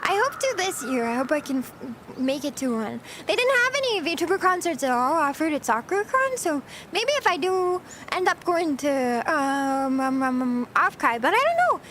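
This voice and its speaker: Giggly young american woman streaming, high voice that bounces all over, faint hiss behind. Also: very animated, moderate pace, hardly any pauses. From United States. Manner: bubbly, giggly, chatty, reads out chat. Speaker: VTuber streamer. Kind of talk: casual live-stream chat.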